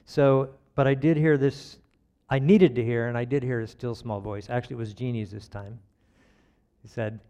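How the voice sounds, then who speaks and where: Speaking at a moderate pace in a mid-range voice, a preacher keeps his sermon relaxed and conversational. He tells folksy stories about everyday life and laughs a little at himself as he goes.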